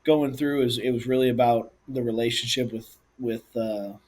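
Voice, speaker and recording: A man's voice: medium pitch, moderate pace. A man, a college football coach, shares easygoing anecdotes in a documentary interview. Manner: relaxed, anecdotal.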